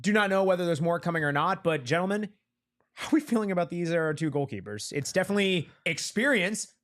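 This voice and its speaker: A man's voice: high voice, animated, quick pace, fairly bright tone, no room sound, studio quality. A man hosting a casual sports talk show, reading an ad with hammy enthusiasm and teasing his co-hosts. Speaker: podcast host. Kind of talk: casual sports chat with live ad read.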